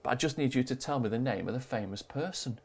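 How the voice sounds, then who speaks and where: A man's voice: mid-range voice, fast talker, darkish tone, slightly rough. A man hosting a live online quiz, cheerily reading out scores and joking with players. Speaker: quiz host. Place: home live stream.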